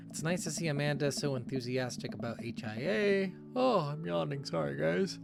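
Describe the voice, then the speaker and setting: A man's voice: fairly high pitch, normal speed, vocal fry, hardly any pauses. A man giving joking, casual let's-play commentary with some swearing, over game music. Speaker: gaming channel host.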